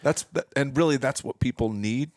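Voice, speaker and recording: A man's voice: mid-range voice, normal speed, a little mellow, no room sound, clean studio sound. A man hosting a podcast, chiming in with encouraging, affirming remarks. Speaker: podcast host. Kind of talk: casual interview chat.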